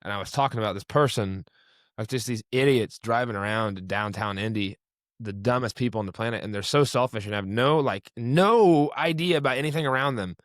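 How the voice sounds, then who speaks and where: A man's voice: medium pitch, a little fast, no echo, clean studio sound. A young man hosting a podcast, chatting casually and ranting with heat. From Indianapolis area, USA. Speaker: podcast host. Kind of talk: casual chat.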